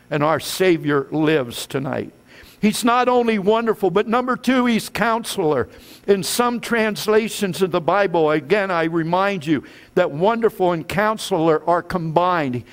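Preaching man with a high voice. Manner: preaching with swells and drops in pitch and loudness. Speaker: pastor. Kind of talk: sermon. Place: church sanctuary.

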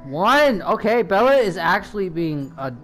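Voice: mid-range voice, very animated, normal speed, soft background music. A gaming streamer giving casual commentary, sarcastic, laughing often and swearing.

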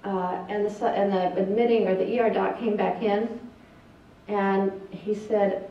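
A woman's voice: medium pitch, fairly even intonation, a little slow, slight background noise. An older woman doctor, telling a family story in an earnest, plainspoken talk with hesitations. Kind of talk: presentation. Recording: distant echoey lo-fi hall recording.

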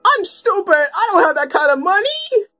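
A woman's voice: high-pitched, expressive, measured pace, breathy edge, soft background music, full character voice. A woman voicing a panicky, melodramatic young male Koopa who whines and stammers in a puppet comedy skit. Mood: distraught.

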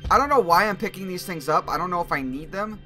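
Young male let's-play host, bright higher voice, reacts loudly and thinks aloud, game music faint behind. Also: fast talker. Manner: excitable, jumpy reactions, swearing, thinking aloud. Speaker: gaming YouTuber.

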